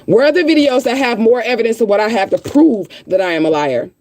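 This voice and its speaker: A woman's voice: a little high, fast, a little mellow, no room sound. Heated profane woman ranting on stream. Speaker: livestream host. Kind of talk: casual livestream rant.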